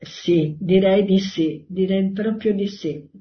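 A woman's voice: medium pitch, a little slow, muffled recording. A woman from Italy recalling hard times in an interview, audibly moved as she speaks. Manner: emotional, moved while recalling. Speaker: interview guest. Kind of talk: emotional personal recollection.

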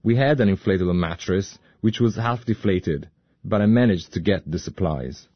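A man giving an interpreter's voice-over in a plain, even manner. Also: sits low, normal speed, no room sound, highs cut off. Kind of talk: translated voice-over.

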